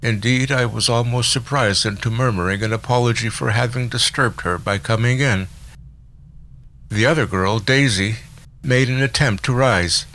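A man reads a literary novel aloud in a measured, expressive way. His voice has a bright, forward tone at a mid pitch. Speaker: audiobook narrator. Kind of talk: scripted literary narration.

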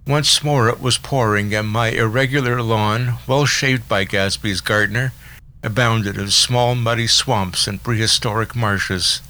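Male audiobook narrator, measured literary reading, low voice, bright and forceful tone. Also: fairly even intonation, rough recording. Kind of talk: scripted narration.

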